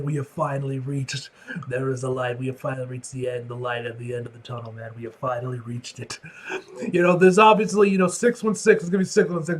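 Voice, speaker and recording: Excitable young man reacting to a comic. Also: on the high side, breathy edge. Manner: excitable, swears, says "bro" a lot. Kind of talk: comic book reaction, reading aloud.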